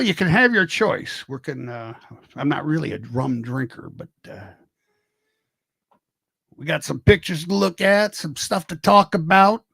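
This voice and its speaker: A man's voice: high voice, creaky, fairly bright tone, no room sound. An older man hosting a casual livestream, rambling, joking and greeting viewers by name. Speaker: livestream host.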